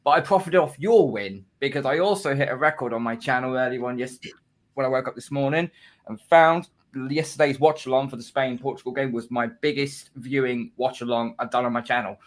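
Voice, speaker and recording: A man's voice: medium pitch, fairly quick. A man with an English accent, a streamer on a fan panel, chatty and sweary in casual talk. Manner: chatty, sweary, laughs along. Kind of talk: casual chat.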